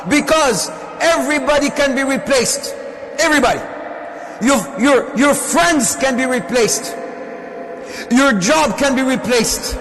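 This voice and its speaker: A man preaching to a congregation, impassioned and repetitive, often rising to shouts. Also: extremely high pitch. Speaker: visiting sheikh and speaker. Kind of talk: sermon to a live congregation. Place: large prayer hall. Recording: echoey hall with faint room noise.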